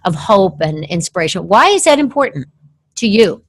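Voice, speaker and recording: A woman's voice: mid-range voice, big pitch swings, moderate pace. A woman hosting an interview, asking supportive, probing follow-up questions. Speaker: interview host. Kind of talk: interview conversation.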